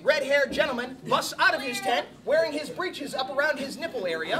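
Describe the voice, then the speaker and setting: A man's voice: very high voice, expressive, a little fast, few pauses, very noisy. A man, a bard at a medieval reenactment feast, telling a comic tale in a mock-heroic, laughing manner to a live audience. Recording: distant mic amid loud crowd. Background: audience laughter and chatter.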